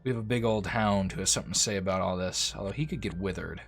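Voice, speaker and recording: A man with a fairly low voice talks through a strategy game in a relaxed, chatty way, sometimes urging the units on screen. Faint music plays behind him. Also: very fast, gravelly, hardly any pauses. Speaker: gameplay commentator. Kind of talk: casual let's-play commentary.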